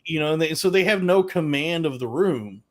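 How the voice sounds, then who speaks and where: A man's voice: a little high, lively intonation, moderate pace. A man co-hosting a podcast, explaining at length in casual chat. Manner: long-winded, explaining. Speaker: podcast co-host.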